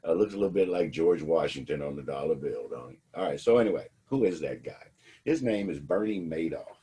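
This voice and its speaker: A man's voice: very deep voice, lively intonation, a little fast, dark tone, husky. A man giving a lecture to students, telling a personal story in a wry, conversational way. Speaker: instructor.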